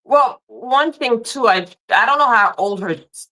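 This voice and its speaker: A woman's voice: a little high, lively intonation, a little slow, sharp tone. A woman co-hosting a live reality-TV recap in a matter-of-fact, conversational way. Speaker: podcast co-host.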